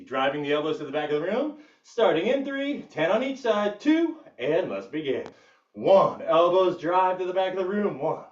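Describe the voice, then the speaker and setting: A man leading a live workout class as fitness instructor, counting reps and joking with the class, with bursts of high whoops. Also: far from the mic, dull audio.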